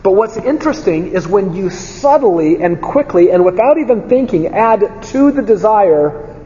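A man's voice: high-pitched, expressive, unhurried, mellow, a little hiss or hum. A man preaching a conversational sermon, telling candid stories from his own life and asking his listeners rhetorical questions. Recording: dull lo-fi sound with long hall reverb.

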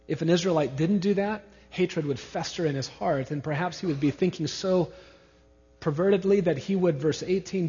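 A man's voice: on the high side, mellow. Emphatic male preacher in an echoing hall. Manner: emphatic, repeats key words. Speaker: pastor. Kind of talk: expository sermon. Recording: reverberant hall, dull lo-fi sound.

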